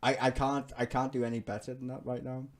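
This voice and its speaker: A man's voice: medium pitch, little pitch movement, fairly quick. A man giving ranting political reaction commentary, profane, heated and emphatic, often laughing as he talks. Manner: laughs often while talking.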